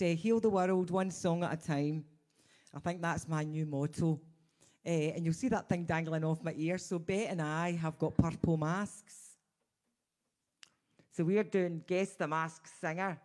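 A woman's voice: on the low side, darkish tone. A Scottish woman hosting a chatty live stream as a singing teacher, bubbly and laughing often, with a slight frog in her throat.

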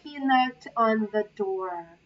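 A woman's voice: a little high, slow pace, slight background noise. A woman training as an English teacher, reading a children's story aloud carefully, with small asides. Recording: muffled, from far off the mic.

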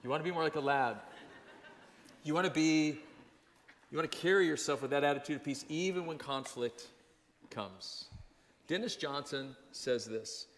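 A male pastor preaching in a casual, storytelling way, tossing questions to his congregation. His voice sits a little high for a man. The sound rings with a long church hall reverb. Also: moderate pace, long pauses. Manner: conversational, animated storytelling with audience questions. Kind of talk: sermon. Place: church sanctuary.

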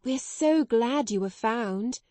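A woman voicing a kind, eager young girl who speaks in a warm, helpful way. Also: on the high side, animated, slow, no room sound, voice pushed up. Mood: caring.

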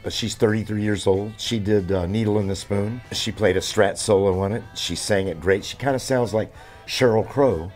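Older man, seventies, very low voice, rambling interview storyteller, faint music underneath. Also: darkish tone. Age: 70s. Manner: rambling, halting with fillers and restarts. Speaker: drummer.

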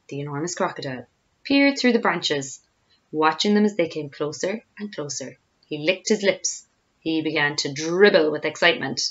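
A woman reads a children's story aloud in a lively, rising and falling voice, pitched on the lower side. The recording is dull and lo-fi. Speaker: teacher reading to pupils.

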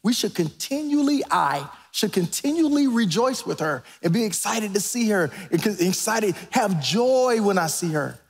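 A man preaching a sermon as pastor in a church, animated and preacherly, rising to near-shouts. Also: high voice, moderate pace, creaky, hardly any pauses. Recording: reverberant church sanctuary.

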